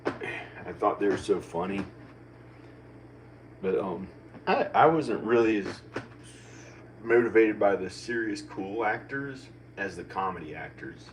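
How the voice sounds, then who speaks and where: A man's voice: on the low side, expressive, a little slow, long pauses. A man in his forties with an American country accent, musing in a meandering, self-questioning monologue full of restarts. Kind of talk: rambling personal monologue. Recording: distant mic with faint background noise.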